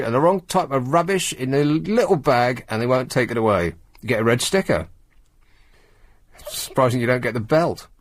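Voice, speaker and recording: A male talk radio host, reading out news items and mocking them with rambling, sarcastic asides. His pitch rises and falls a lot as he talks. The sound is dry and close to the mic. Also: no echo. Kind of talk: late-night radio monologue. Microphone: studio microphone.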